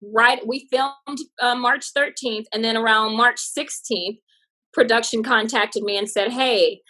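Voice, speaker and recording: Bright lively woman comic. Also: fairly high pitch, measured pace, poor audio. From Texas. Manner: lively, acts out voices in her stories. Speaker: comedian guest. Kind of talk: animated storytelling interview.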